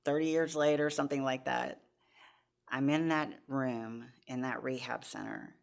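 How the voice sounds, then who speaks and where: A woman's voice: extremely low pitch, steady tone, unhurried, gravelly. A woman in her forties, a podcast guest, earnestly telling her personal testimony with many restarts.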